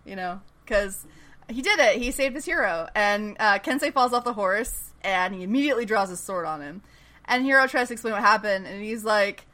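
Bright, animated woman recapping a show. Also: a little high, normal speed. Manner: animated, laughs often, acts out characters' lines. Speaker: podcast co-host recapping a TV show. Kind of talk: casual chat.

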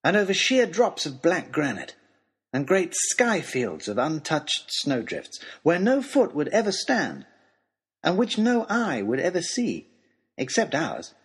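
A man narrating an adventure story in an expressive, dramatic reading style. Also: on the high side, a little slow, breathy edge.

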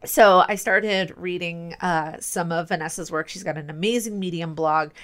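A woman's voice: on the low side, fairly even intonation, normal speed, a bit bright. A young adult woman co-hosting a podcast, explaining things in an enthusiastic, nerdy, rambling way. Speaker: podcast co-host. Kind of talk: casual podcast chat.

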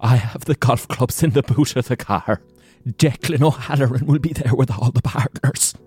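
A man's voice: medium pitch, moderate pace, darkish tone, husky, faint music behind, voice pushed up. An Irish man putting on a pompous Irish barrister who delivers everything through strained, forced laughter. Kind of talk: comic impression.

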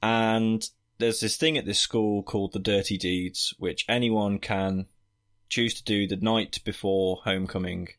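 On a casual film-review podcast, a male co-host recaps a movie in a rambling, joking way, full of fillers and jokey asides. His voice is on the low side and a bit bright, with a steady tone and measured pace.

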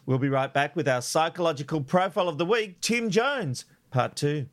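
A man's voice: a little high, expressive, normal speed. A man hosting a podcast, moving between easygoing chat and scripted narration. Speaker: podcast host.

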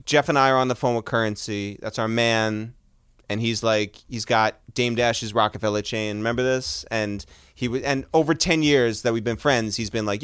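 A man's voice: medium pitch, fairly quick, fairly bright tone, smooth, no room sound, clean studio sound. A young adult man hosting a casual chat, telling a story animatedly and quoting what others said. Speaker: podcast host.

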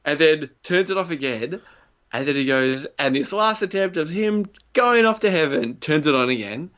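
A man's voice: on the high side, lively intonation, moderate pace, a bit bright, muffled recording. A man, co-hosting a casual podcast and retelling a game story with lots of swearing and quoted voices. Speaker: podcast co-host.

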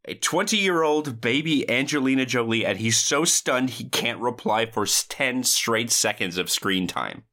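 A man guest on a podcast in casual chat, recapping scenes animatedly with quick impressions. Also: mid-range voice, animated, bright, forceful tone.

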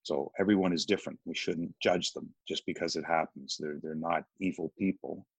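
A middle-aged man gives interview answers about his family with earnest, pleading conviction. His voice sits very low and sounds husky. The recording is dry and close. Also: fairly even intonation, normal speed, no room sound, low-quality recording. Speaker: father, foundation founder, guest. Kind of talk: interview answers, personal story.

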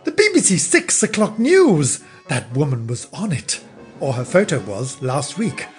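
Bossy, absent-minded older woman, voiced by a man, brisk and rambling. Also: huge pitch swings, soft background music. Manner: brisk raised falsetto, rambling.

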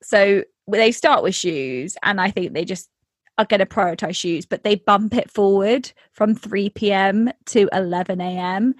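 A woman's voice: mid-range voice, measured pace, dry recording. A woman in casual chat telling a workplace story, with lots of fillers and acted-out quotes. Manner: chatty, many fillers, acts out quotes.

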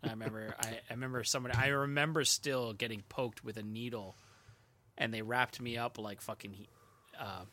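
Bright-voiced man in casual chat. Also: mid-range voice, fairly even intonation, brisk. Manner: easygoing, chimes in with quips and swears.

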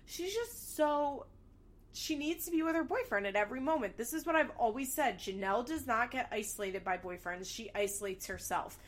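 A woman's voice: a little high, a little fast, few pauses. A young woman casually recapping a reality show, candid and sarcastic, swearing freely as she gossips about the cast.

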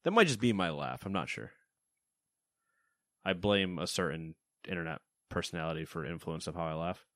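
With a low voice at normal speed, this gaming news podcast co-host keeps things lively and jokey, giving game lists a playful emphasis. The audio is dry and studio quality.

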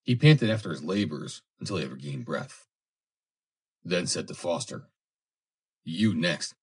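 Deep, husky male storyteller. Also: big pitch swings. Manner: measured, dramatic storytelling. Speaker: narrator. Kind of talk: dramatic audiobook narration.

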